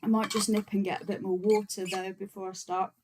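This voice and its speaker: A vegan activist hosts a casual livestream, chatting easily and relaxed with her viewers and pausing often for fillers and little laughs. Her voice is medium-pitched and brisk. The rough recording carries slight background noise.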